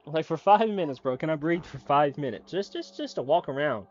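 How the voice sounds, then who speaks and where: A man's voice: a little high, expressive, brisk, lo-fi sound. A man with a cold, chatting to viewers in exasperated, casual gameplay commentary. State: sick, voice lower than usual. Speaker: gaming streamer.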